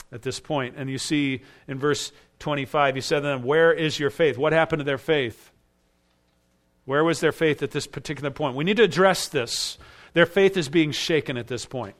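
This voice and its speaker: A man's voice: fairly high pitch, normal speed, a bit bright. A man preaching an expository sermon with emphatic rising bursts. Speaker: pastor.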